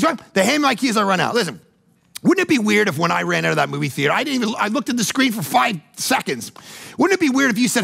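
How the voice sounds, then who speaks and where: Male pastor, high and gravelly, lively sermon delivery that swings from shouts to hushed calm. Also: fast talker. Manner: animated, swings from loud mock voices to hushed calm.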